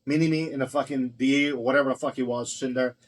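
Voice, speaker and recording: A man's voice: medium pitch, fairly even intonation, very fast, low-quality recording. A man who owns a restaurant, telling stories in a blunt, profane, heated way during a casual conversation. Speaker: restaurant owner. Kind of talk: casual storytelling.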